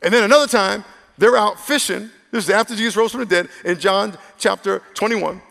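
A man's voice: high voice, fairly quick, creaky, sharp tone. A male pastor preaching a conversational, humorous sermon to a live congregation, often acting out the voices of the people in his story. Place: large church hall. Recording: long echo of a big hall.

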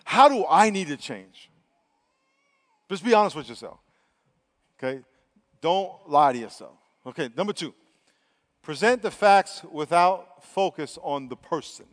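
A man's voice: a little high, expressive, unhurried, pauses often, in a large hall. A man preaching a sermon in a conversational, emphatic way, acting out quotes as he goes. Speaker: pastor.

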